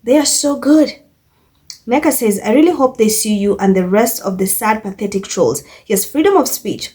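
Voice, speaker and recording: Scornful woman reading out comments. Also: medium pitch. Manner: scornful, animated reactions with laughter. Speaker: commentary channel host. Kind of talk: reading out and reacting to social media comments.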